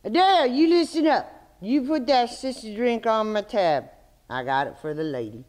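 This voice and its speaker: A woman's voice: fairly high pitch, lively intonation, normal speed, a little mellow, close to an everyday voice. A woman playing a crude, leering barroom man. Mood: flirty. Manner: drawling, bossy and leering. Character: brash flirty barroom man, crude and swaggering. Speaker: stage actor. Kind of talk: live stage comedy acting.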